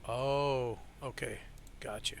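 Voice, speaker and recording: A man narrating a tabletop game as game master over an online call, in a loose, halting way full of fillers. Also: mid-range voice, steady tone, vocal fry, a little hiss or hum.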